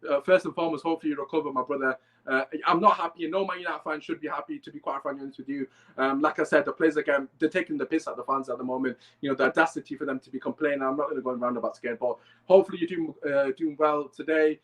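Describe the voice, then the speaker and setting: A man's voice: fairly high pitch, fairly even intonation, racing, a bit bright, rough recording. A young man, hosting a live fan podcast and ranting heatedly while swearing and reading chat comments. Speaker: podcast host.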